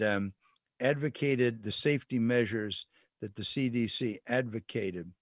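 Man, radio host, conversational, earnest, mid pitch, dry sound. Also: dry recording. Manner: conversational, earnest, some stumbling. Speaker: radio talk show host. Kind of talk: call-in talk radio.

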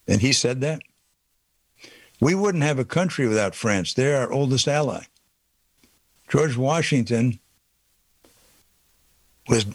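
A man's voice: medium pitch, dry recording. A man delivering an indignant political opinion monologue, pressing his points with repeated rhetorical questions. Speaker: political commentator.

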